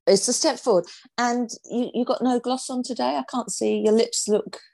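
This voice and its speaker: A woman's voice: fairly high pitch, steady tone, moderate pace, creaky, warm tone. Giggly, teasing woman co-host. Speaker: podcast co-host. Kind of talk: casual chat. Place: on a video call.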